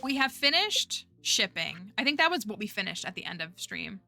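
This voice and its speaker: A chatty woman livestreaming a game, thinking out loud and talking to her viewers in a bright, crisp voice. Her pitch sits in a middling range. Game music plays faintly behind her. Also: sing-song, normal speed, no room sound. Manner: chatty, thinks aloud and talks to her chat. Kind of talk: casual gameplay commentary.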